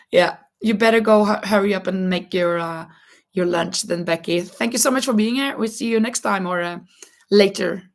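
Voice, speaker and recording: A woman's voice: medium pitch, normal speed. Woman chatting away while she crochets, lots of ums and restarts, voice a bit cracky. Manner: chatty, thinks aloud with many fillers and restarts. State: voice cracking, coughing. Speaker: livestream host. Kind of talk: casual chat while crocheting.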